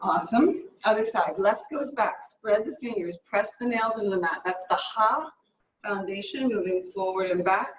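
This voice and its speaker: A woman teaching a live yoga class, cueing poses in a brisk, upbeat way and a little out of breath. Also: medium pitch, a little hiss or hum. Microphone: camera mic at a distance. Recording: echoey room, from far off.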